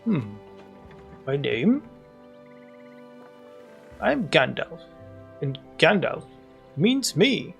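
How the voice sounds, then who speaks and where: A man voicing a wise old wandering wizard in a video game, cryptic, kindly and gently teasing. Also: a little high, very animated, very slow, gravelly, long pauses, soft background music, full character voice. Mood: wry, cryptic.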